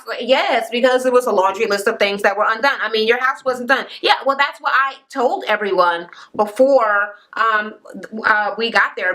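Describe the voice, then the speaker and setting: A woman rants through a reality TV recap with sass and plenty of swearing. Her voice sits fairly high and sounds bright and forceful. She slips into the cast members' lines as she tells it. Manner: sassy, profane, acts out cast members' quotes in higher voices. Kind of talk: casual profane rant recap.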